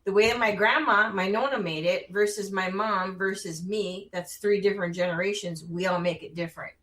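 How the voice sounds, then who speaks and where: A woman's voice: medium pitch, fairly even intonation, brisk, fairly bright tone, echoey room, far from the mic, poor audio. A woman guest in casual radio chat, talking easily and often chiming in with agreement. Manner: chatty, frequent agreeing interjections.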